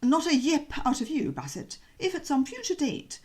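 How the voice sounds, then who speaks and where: A woman voicing a cheerful young gentleman, breezy and chatty, in a bouncy, slangy audiobook reading. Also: sits high, wildly swooping pitch, moderate pace, pitched above the performer's own voice.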